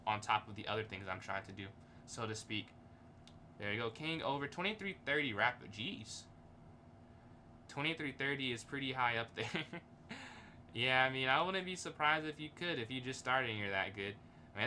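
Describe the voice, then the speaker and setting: Man, chess stream commentary, casual, hesitant, bright tone, faint background hiss. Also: medium pitch. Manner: thinks aloud, hesitant, chuckles often.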